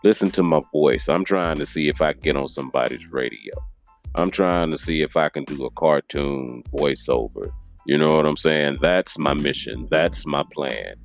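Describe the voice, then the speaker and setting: A man's voice: a bass voice, moderate pace, creaky, faint music behind. A man talking on his own podcast in an earnest, apologetic way, often repeating himself. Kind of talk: casual podcast monologue.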